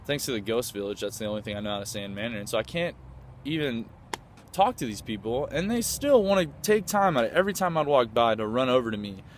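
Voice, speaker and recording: A man's voice: mid-range voice, expressive, fast talker, slight background noise. A man from the United States, enthusiastically recounting a trip in a rambling, casual way with lots of fillers and restarts. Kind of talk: casual storytelling.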